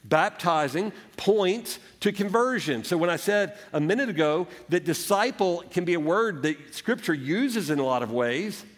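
A male pastor delivers an earnest sermon in a slightly raised voice. He now and then acts out the doubts of his listeners and the gentle words he puts in Jesus' mouth. The recording carries the long reverb of a church hall. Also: high voice. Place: church sanctuary.

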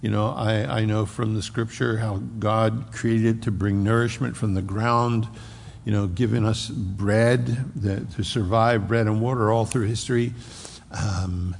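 A man with a gravelly, fry-edged voice preaches a sermon, pressing his points hard and then dropping to a hushed tone. He unpacks scripture with everyday asides. His voice carries a long reverb from a large sanctuary. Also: lowish voice, fairly even intonation, measured pace, slight background noise. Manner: emphatic preaching, swings from raised to hushed delivery; explains scripture with homely asides. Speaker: pastor. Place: church sanctuary.

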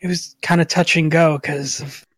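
Podcast guy, kinda high voice, chatty, laughs easy, dry close mic. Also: fairly even intonation, normal speed, a bit bright, no echo. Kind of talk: casual chat.

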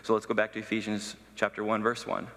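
A pastor preaching a sermon, teaching in an emphatic way. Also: male voice, on the low side, completely flat delivery, fast talker, sharp tone, in a large hall.

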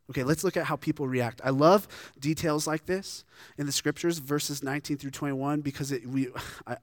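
A man's voice: fairly high pitch, no room sound, clean studio sound. A man preaching a sermon in an earnest, conversational way, often restarting his sentences. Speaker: pastor.

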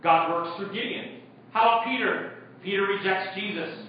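A man's voice: high-pitched, moderate pace, a little hiss or hum. A male pastor preaching a sermon in a conversational way, acting out Bible characters and putting questions to the congregation. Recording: echoey room from far off, dull sound.

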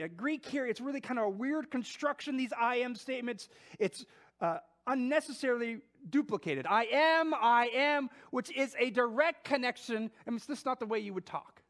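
A man with a fairly high voice preaches a sermon. He talks conversationally and keeps going with fillers and restarts. When he reads scripture he slows down and gives the words weight. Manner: animated, with quoted scripture spoken slowly. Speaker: pastor.

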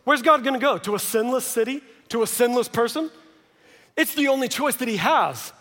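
A man's voice: extremely high pitch, normal speed. A man in his thirties preaching a sermon as a pastor, telling family stories with joking asides. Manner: lively storytelling with joking asides. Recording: long reverb of a large hall.

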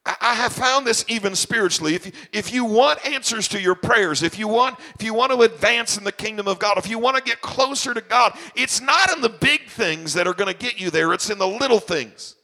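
Bright, high-voiced pastor preaching emphatically. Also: male voice, lively intonation, a little fast, few pauses. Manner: emphatic, repeats and restarts phrases. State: tired. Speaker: senior pastor. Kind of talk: sermon.

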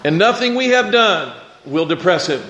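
A man preaching a lively storytelling sermon and calling on his congregation to answer back. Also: sits high, moderate pace. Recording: echoey room with faint noise.

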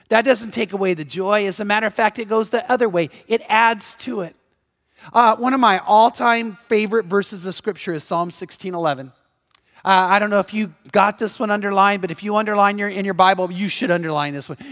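A man preaching a sermon as pastor, telling a story in an animated way and acting out the voices of the people in it. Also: sits high. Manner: animated, acts out quoted voices. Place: church sanctuary. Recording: long reverb of a large hall.

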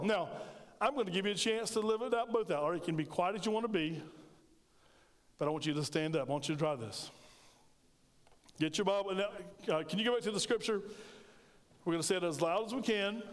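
A middle-aged man preaches to his congregation, his voice pitched notably high. He tells stories with animation and banters with the people in the pews. The sound carries a long reverb from the sanctuary. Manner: storytelling, animated, jokes with congregation. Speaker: pastor. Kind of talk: sermon.

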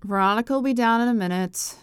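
A man's voice: very high-pitched, fast, fairly bright tone, clean tone, no echo, studio quality, pitched above the performer's own voice. A man reading an audiobook, voicing a bored, impassive woman receptionist asking routine questions. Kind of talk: audiobook character voice.

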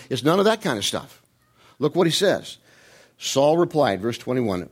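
A man preaching and retelling a Bible story in a conversational, animated way, jumping up in pitch and often restarting his words. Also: moderate pace.

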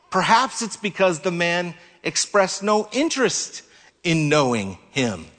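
Preacher in a reverberant hall. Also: male voice, sits high, fairly bright tone. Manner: measured, slows down to stress key words. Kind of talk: sermon.

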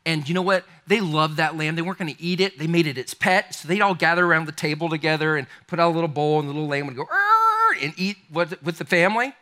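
A man preaching a sermon, telling a story in an animated, conversational way that speaks straight to his listeners. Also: fairly high pitch, quick pace, few pauses. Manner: animated, conversational, addresses the congregation directly. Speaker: pastor.

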